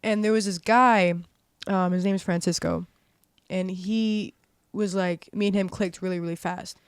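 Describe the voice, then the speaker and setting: A woman's voice: medium pitch, fairly even intonation, normal speed, clear, resonant tone, dry recording, studio quality. A woman in her twenties, a podcast guest, telling her story candidly in a profane, rambling way full of "like". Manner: profane and rambling, heavy use of "like".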